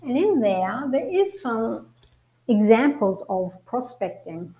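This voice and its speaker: A woman's voice: fairly high pitch, slow, reverberant, rough recording. A woman with an Australian accent giving a real estate training talk, telling anecdotes and acting out the people in them. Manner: lively storyteller, acts out the people in her stories.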